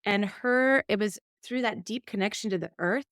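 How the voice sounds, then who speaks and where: Animated woman telling a personal story. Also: mid-range voice, moderate pace, no room sound, clean studio sound. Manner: animated storyteller, acts out quotes. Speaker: podcast co-host. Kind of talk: casual chat.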